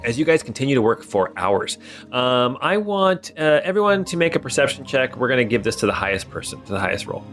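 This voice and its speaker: A man's voice: mid-range voice, big pitch swings, a little fast, fairly bright tone, faint music behind. A man narrating a tabletop role-playing game as game master, describing scenes loosely with many fillers.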